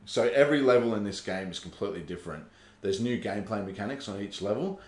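A man chatting casually as a podcast host, animated and swearing, acting out quotes. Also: on the low side, quick pace, roomy sound. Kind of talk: casual chat.

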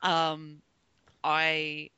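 A speaker in casual chat about a video game, relaxed and hesitant with many fillers. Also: mid-range voice, extremely slow, slight background noise. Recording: dry dull lo-fi recording.

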